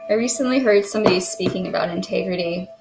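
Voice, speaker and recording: A woman giving a casual tarot reading, chatty and self-deprecating, who keeps clearing her throat. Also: medium pitch, quick pace, over music, rough recording. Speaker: tarot reader.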